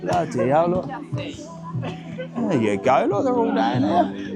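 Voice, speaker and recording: A man's voice: high voice, wildly swooping pitch, takes it slowly, creaky, pauses often, loud music behind the voice. A man hosting a live travel vlog as he walks outdoors in the rain, talking bluntly and swearing as he chats with his viewers. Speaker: travel vlogger host. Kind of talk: live-streamed walking vlog. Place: outdoors on a seaside promenade in rain.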